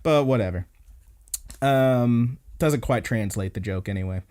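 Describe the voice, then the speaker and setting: A man hosting an anime podcast, excitedly retelling scenes and swearing freely. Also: mid-range voice, a little slow. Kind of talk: casual podcast recap.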